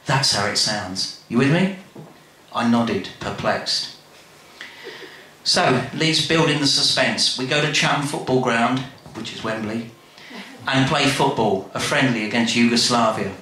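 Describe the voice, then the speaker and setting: A man telling a comic story in a chatty, animated way, speaking straight to the listener. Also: mid-range voice, a little slow. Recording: very echoey room, faint noise.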